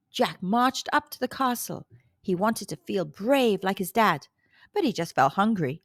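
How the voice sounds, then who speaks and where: A woman storyteller reading a children's storybook aloud with a slow, expressive delivery. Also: medium pitch, dry recording, clean studio sound.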